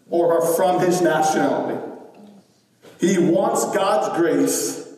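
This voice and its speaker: Animated pastor in an echoey hall. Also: male voice, a little hiss or hum. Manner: animated, acts out voices with big pitch swings. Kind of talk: sermon. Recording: echoey hall, distant mic.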